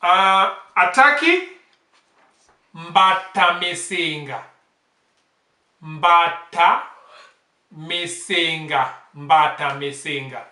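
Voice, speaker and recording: High, slow-talking male language teacher. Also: bright, forceful tone. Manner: repeats each word several times, drops to an aside voice. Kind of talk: slow vocabulary lesson, repeating each word. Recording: echoey room, off-mic.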